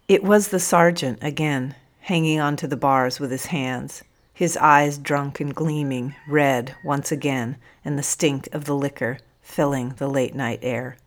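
A woman narrating a first-person story in a measured, reflective reading. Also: rumbling low, fairly even intonation.

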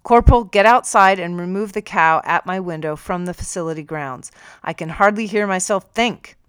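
A woman's voice: fairly low pitch, moderate pace, clean tone, no room sound, natural voice. A woman voicing a stiff, commanding male army captain who barks orders, in an audiobook reading. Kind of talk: audiobook character voice.

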